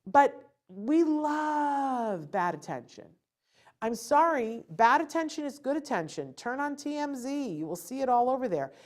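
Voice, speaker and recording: A middle-aged woman hosting a live talk show, giving parenting advice in a lively, animated way and acting out a child's point of view. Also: sits high, a little slow. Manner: animated, acts out a child's thoughts and parental lectures. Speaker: host.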